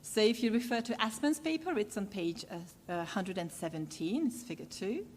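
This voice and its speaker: A woman's voice: medium pitch, expressive, slight background noise. Woman lecturing in a reverberant hall. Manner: measured, with frequent "uh" pauses. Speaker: university lecturer. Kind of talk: academic lecture.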